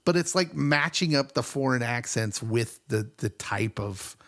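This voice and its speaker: Male podcast co-host, lively pitch, casual chat, quick to laugh. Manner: animated, laughs often.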